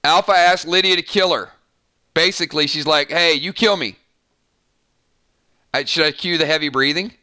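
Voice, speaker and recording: Bright-voiced chatty male stream host. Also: fairly high pitch, steady tone, fairly quick. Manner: chatty, self-interrupting, stumbles and restarts often. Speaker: live-stream show host. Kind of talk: casual live-stream chat reading viewer comments.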